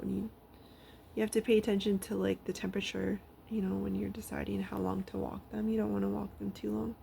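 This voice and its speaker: A woman with a strongly gravelly, creaky voice tells a relaxed personal story, full of fillers, now and then sinking into a whisper. Her pitch sits in the middle range. A faint hiss of noise stays under the recording. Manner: rambling, frequent fillers, drops into soft whispers. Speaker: vlogger. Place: at home with her dog.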